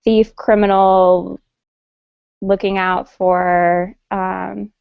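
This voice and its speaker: A woman with a gravelly, creaky edge talks through her opinions in a loose, hesitant way. The sound is dry and dull, like a lo-fi online call. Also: mid-range voice, little pitch movement, extremely slow, no room sound. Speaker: panelist. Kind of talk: casual chat. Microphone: video call.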